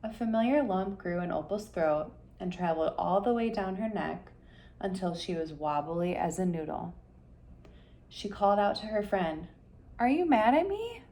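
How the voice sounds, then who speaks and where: A woman reads a children's picture book aloud. Her telling is gentle and expressive, easing into the quiet moments of the story. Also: fairly low pitch, moderate pace. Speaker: storybook reader.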